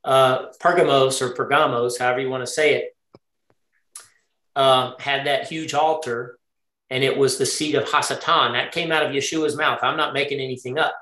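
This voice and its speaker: A man at a middle pitch teaching a Torah study class, thinking out loud as he goes. He keeps turning to his listeners with questions and checks like "right?". His voice carries a clear echo from the room around him. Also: steady tone, moderate pace. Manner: thinking aloud, quizzing the group. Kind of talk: interactive Torah study lesson.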